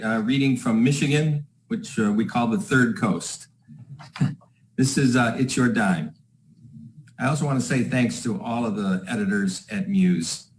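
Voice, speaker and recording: Slow, dry-voiced man reading his poem. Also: fairly low pitch, a little hiss or hum, low-quality recording. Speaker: poet reading his work. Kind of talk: poetry reading.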